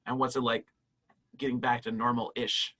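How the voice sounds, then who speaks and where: A man's voice: mid-range voice, flat delivery, moderate pace, bright, forceful tone, breathy edge. A man hosting an interview, encouraging his guest and asking long, strung-together questions. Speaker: interview host.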